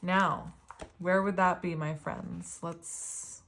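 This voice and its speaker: Woman, tarot reader, casual spiritual talk, earnest and rambling, slightly low voice. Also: steady tone, drawn-out words, creaky, a bit bright, a little hiss or hum. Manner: earnest, rambling, frequent "like" and "you know".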